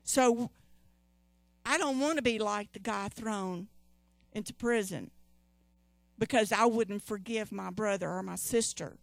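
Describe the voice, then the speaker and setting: A woman's voice: mid-range voice, a little slow, vocal fry, pauses often, no echo. A woman preaching a sermon, emphatic and repeating key phrases, calling on the congregation to respond.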